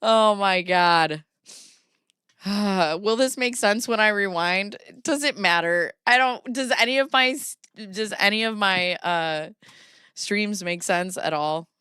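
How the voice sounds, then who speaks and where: A woman's voice: mid-range voice, slow pace, bright, forceful tone, clear, resonant tone, no echo, studio quality. A woman in her thirties hosting a casual livestream, giggly and often breaking into laughter. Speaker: streamer host.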